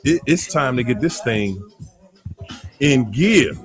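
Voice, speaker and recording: A man hosts a laid-back livestream, calling out viewers one by one. His voice swings widely in pitch, and he stretches words out slowly with frequent laughter. Soft music plays faintly behind him. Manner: animated, drawls names, laughs often. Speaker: livestream host. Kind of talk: casual livestream chat greeting viewers.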